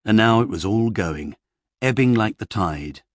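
A man narrating a comic fantasy novel in a wry, measured storytelling manner, recorded close on a studio mic. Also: on the low side, animated, dry recording. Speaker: audiobook narrator. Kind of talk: expressive novel reading.

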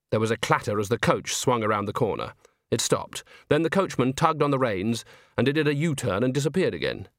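A man narrating an audiobook in a measured, wry storytelling manner. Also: medium pitch, lively intonation, dry recording, studio quality.

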